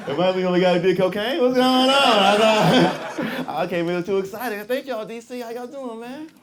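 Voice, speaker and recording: A man's voice: high voice, normal speed, few pauses. A man doing a loose, profane stand-up set on a comedy club stage. He laughs at his own jokes and riffs with the crowd between bits. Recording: live club taping with crowd laughter and room noise.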